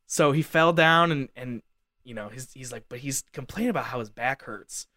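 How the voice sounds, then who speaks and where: A man's voice: medium pitch, moderate pace, sharp tone, dry recording, studio quality. A young man telling a casual story at length, rambling with lots of fillers like "like". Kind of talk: casual anecdote.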